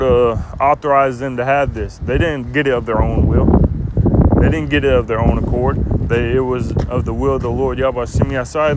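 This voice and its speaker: A man preaching informally and reading scripture aloud, casual and halting, often ending lines with "man," recorded outdoors in a city. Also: mid-range voice. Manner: casual, repeats "man" at line ends, halting fillers. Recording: loud wind and traffic noise outdoors.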